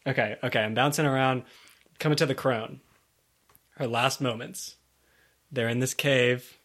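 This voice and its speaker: A man chatting casually about a tabletop game session, animated and laughing in mock outrage. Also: medium pitch, unhurried.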